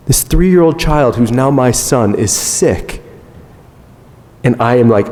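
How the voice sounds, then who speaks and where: A man in his thirties giving a conference talk, telling a self-mocking family story in an animated way. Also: mid-range voice, takes it slowly, pauses often. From United States. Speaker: conference speaker. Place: large conference hall. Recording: long hall reverb.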